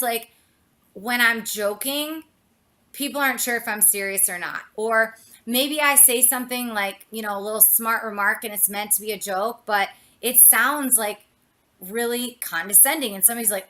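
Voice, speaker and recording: A woman communication coach giving an expressive, chatty motivational talk, full of "you know" and "like". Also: fairly high pitch.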